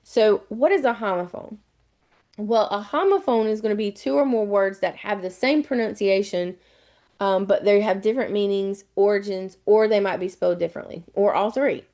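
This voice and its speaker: A woman's voice: medium pitch, moderate pace, dark tone. A middle-aged woman teaching a live online lesson on spelling rules, explaining patiently and spelling words out letter by letter.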